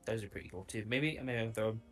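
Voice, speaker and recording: A man's voice: fairly low pitch, fast, soft background music. A man playing his character in a tabletop game, easygoing and rambling with lots of fillers. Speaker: player. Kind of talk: in-character tabletop role-play.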